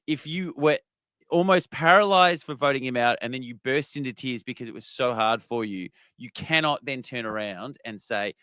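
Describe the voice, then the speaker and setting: A man's voice: mid-range voice, a little fast, pushed and bright, no room sound, studio quality. A man, a guest who openly breaks down the game's strategy in casual chat. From Australia. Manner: candid, explains strategy plainly. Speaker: guest, former contestant.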